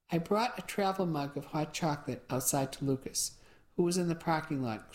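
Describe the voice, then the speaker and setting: A woman with a notably low voice reads a cozy mystery in the first person. Her reading is steady and measured. The narration is calm and clear. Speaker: audiobook narrator.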